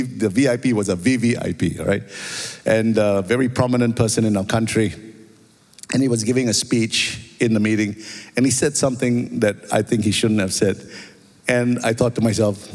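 A pastor with a Singaporean accent, preaching a sermon and telling stories, often asking "amen?" and "right?". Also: male voice, fairly high pitch. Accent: Singaporean English. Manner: storytelling, animated, repeats phrases, asks "amen?" and "right?". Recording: long reverb of a large hall.

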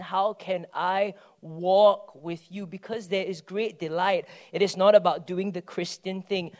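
A man, preaching a sermon in a conversational, storytelling way and often checking in with "right?". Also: high voice. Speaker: pastor.

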